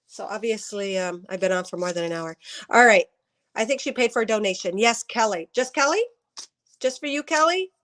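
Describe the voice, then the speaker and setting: A woman's voice: medium pitch, a little fast, a bit bright. A woman giving casual spiritual readings on a live stream. She talks to viewers by name and laughs often. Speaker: intuitive reader on a live stream.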